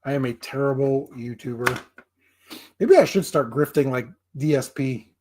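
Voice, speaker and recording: A man's voice: medium pitch, normal speed, a little mellow, a little hiss or hum. A man hosting a casual live stream, rambling, swearing and making fun of himself. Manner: rambling, profane, self-deprecating. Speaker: livestream host.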